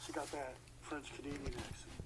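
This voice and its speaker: A man's voice: mid-range voice, steady tone, very noisy. A man co-hosting a casual chat, teasing the others. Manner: teasing, fast-talking.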